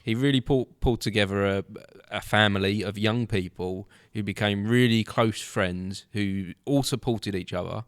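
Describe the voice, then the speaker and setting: A middle-aged man hosting a podcast, talking in a measured, reflective way. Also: on the low side, smooth, dry recording, studio quality. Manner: reflective, measured, warm reminiscing. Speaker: podcast host. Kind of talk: casual chat.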